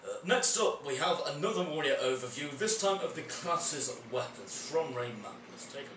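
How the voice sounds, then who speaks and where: A man's voice: on the high side, very animated, normal speed, a bit bright, a little hiss or hum. A British man hosting a gaming show, presenting lightly and self-mockingly. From Britain. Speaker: host. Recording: echoey room, distant mic.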